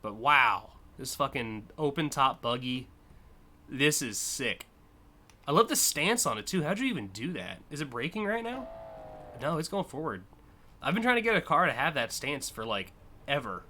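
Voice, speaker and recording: A man's voice: medium pitch, very animated, moderate pace, bright, forceful tone, slight background noise. A man streaming live, casually and enthusiastically judging car designs, with frequent fillers and swearing.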